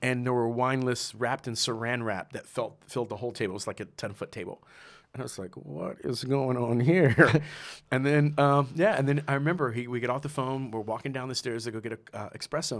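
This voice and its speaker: A man's voice: medium pitch, quick pace, no room sound. Laughing man telling a long story. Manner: animated storyteller, acts out quotes, laughs often. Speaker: podcast guest, sommelier. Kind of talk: casual storytelling interview.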